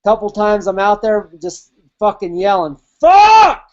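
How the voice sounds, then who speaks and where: A man's voice: high voice, level tone, normal speed, highs cut off. Man telling a story with salty language. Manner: vivid, profane, replays his own inner voice. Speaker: podcast host. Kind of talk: casual storytelling.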